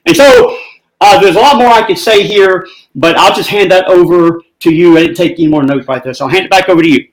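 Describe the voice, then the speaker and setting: A man's voice: sits high, quick pace, poor audio. A man in a debate, giving emphatic, sarcastic rebuttals. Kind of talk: heated debate.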